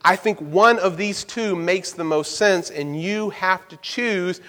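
A man's voice: high voice, slow, bright, forceful tone. A man preaching a Bible-study sermon, explaining verses emphatically and turning to the listeners with asides. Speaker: pastor. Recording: long hall reverb.

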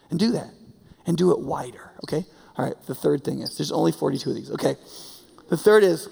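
Male pastor, casual animated sermon, higher pitch, long hall reverb. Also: fairly quick, vocal fry, breathy edge. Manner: animated, conversational, acts out quoted voices.

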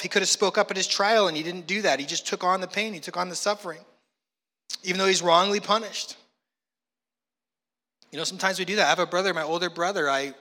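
A man with a high, bright voice gives a sermon in a reverberant hall. He tells a story in an animated way and slips into the voices of the people he quotes. The long echo of the room trails behind his words. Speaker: pastor.

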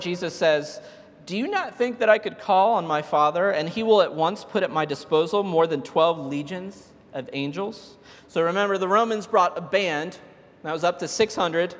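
A man with a fairly high voice preaches a sermon, retelling old stories in a loose, conversational way. He builds to emphatic, insistent peaks. His voice rings out with a long reverb, as in a large church hall. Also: a bit bright.

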